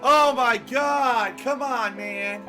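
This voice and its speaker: A high-voiced man riffing through crude, comedic stream commentary. He mocks and jokes with abandon while music plays loudly behind him. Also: drawn-out words. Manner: crude, mocking and joking. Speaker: streamer co-host.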